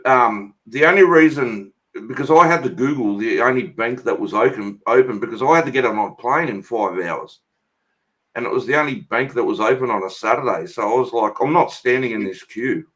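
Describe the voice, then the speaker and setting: A man's voice: mid-range voice, brisk, fairly bright tone, low-quality recording. An Australian man hosting a casual chat, telling stories bluntly and swearing freely. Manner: swears freely, brash storytelling.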